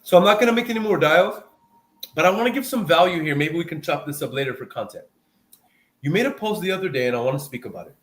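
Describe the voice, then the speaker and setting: A man with a fairly high voice coaches on a live video call, animated and fond of repeating himself for emphasis. His voice rings around an echoey room. The call has a loose, casual chat feel. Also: fast. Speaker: host and sales coach.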